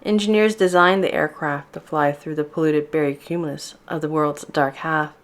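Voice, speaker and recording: A woman author reading her novel aloud as audiobook narration in a steady, measured way. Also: low-pitched.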